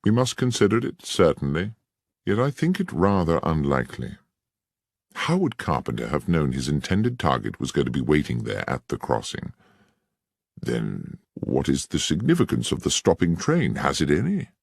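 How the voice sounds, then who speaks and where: A male narrator voicing Sherlock Holmes as a keen, incisive detective who questions in a crisp, measured way. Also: a bass voice, wildly swooping pitch, dry recording, clean studio sound, heavily acted. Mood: firm.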